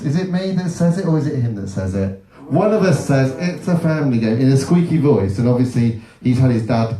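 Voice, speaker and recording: Middle-aged guy on a game dev panel, kinda low mellow voice, echoey hall, mic far off. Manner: relaxed, reminiscing, repeats words when starting a thought. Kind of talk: live panel talk to an audience. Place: event hall at a game arcade.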